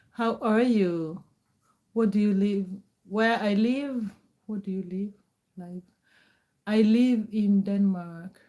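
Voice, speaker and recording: Woman from Kenya, middle-aged, casual live-stream chat, reassuring, mellow voice. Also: on the high side. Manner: chatty, reassuring, repeats words.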